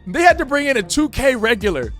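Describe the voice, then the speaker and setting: A high-voiced man calls a basketball video game in a mock sportscaster style, full of slang. He gets loud and shouts at big plays. Faint music plays underneath. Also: sing-song, quick pace. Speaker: gaming YouTuber.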